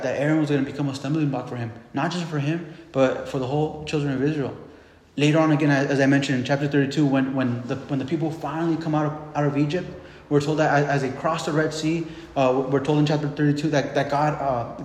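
A man's voice: a little high, fairly even intonation, fast, a little mellow. A man preaching a sermon, retelling scripture in casual everyday speech and acting out the voices of the people in it. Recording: echoey, reverberant hall.

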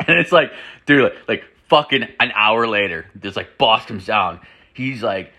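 Guy rambling crude stories, like like like, swears nonstop, bright punchy voice. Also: fairly low pitch, measured pace. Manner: rambling, profane, full of "like" fillers; animated, jumps into acted-out quotes. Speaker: podcast host. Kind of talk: crude casual storytelling.

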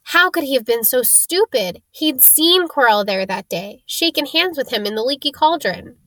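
A woman narrating a story for an audiobook in a steady, clear manner. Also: high voice, moderate pace, no echo. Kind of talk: scripted narration.

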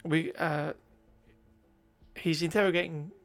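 Wry, slightly high-voiced man recapping. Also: slow pace, a bit bright. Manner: chatty, wry, with frequent ums and uhs. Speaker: podcast co-host recapping a film. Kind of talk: casual chat and plot recap.

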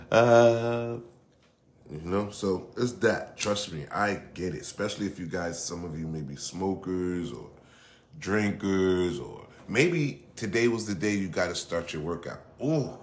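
In an unhurried way, a middle-aged man with a deep voice and lively intonation carries his own podcast as a casual solo monologue. His talk is loose and profane, with restarted sentences and frequent digressions.

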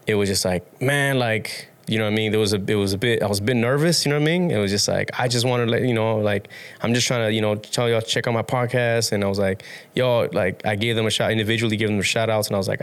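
A low-pitched young man talking in a loose, rambling way as a podcast guest. He restarts his sentences often, swears casually and laughs along as he goes. It sounds like relaxed interview chat. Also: fast talker, clean tone.

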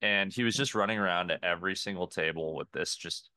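A young man co-hosting a casual podcast, telling anecdotes in an animated way and laughing as he talks. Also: sits low, quick pace, dry recording, studio quality. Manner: animated storyteller, laughs through his anecdotes. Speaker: podcast co-host. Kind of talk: casual chat.

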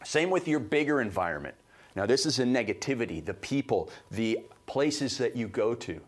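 A man from Canada co-hosting a motivational podcast, delivering advice in an emphatic, high-energy way. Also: sing-song, moderate pace, slightly rough. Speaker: podcast co-host.

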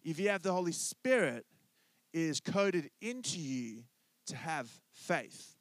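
Male pastor, relaxed joking sermon, dry close-miked voice. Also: fairly high pitch, a little slow, no room sound. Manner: conversational, joking, asks congregation to respond. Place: church.

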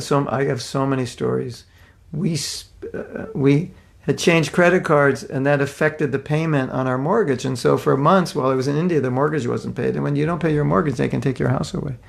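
A man preacher telling personal stories in an informal sermon, conversational and self-deprecating, with halting restarts. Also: fairly high pitch, gravelly.

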